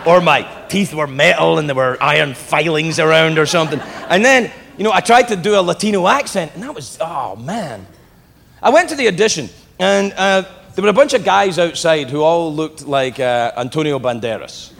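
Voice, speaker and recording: Guy doing stand-up, high lively voice, gravelly edge, big hall with the crowd laughing. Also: normal speed. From Britain. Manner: animated storytelling, jumps into voices. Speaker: stand-up comedian. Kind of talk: stand-up comedy set. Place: large live venue with audience. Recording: live hall recording with crowd.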